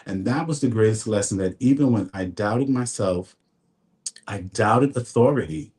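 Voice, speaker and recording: A man's voice: fairly low pitch, moderate pace, a little mellow. A man, a fashion designer, earnestly telling his story on a radio talk show in a studio. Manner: storytelling, earnest, faith-filled. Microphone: studio mic.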